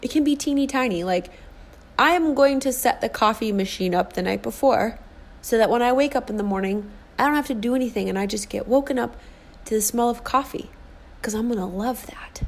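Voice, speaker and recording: A woman's voice: on the high side, a little fast, creaky. A woman in her forties, a life and fitness coach, giving an earnest motivational podcast monologue and repeating key phrases for emphasis. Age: 40s.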